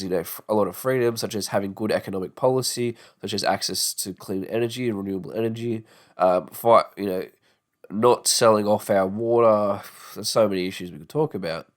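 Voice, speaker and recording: Australian man, 20s, low voice; loose, profane solo podcast host. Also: normal speed. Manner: rambling, swears freely, mocking put-on voices. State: sore tongue and jaw. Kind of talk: casual podcast monologue.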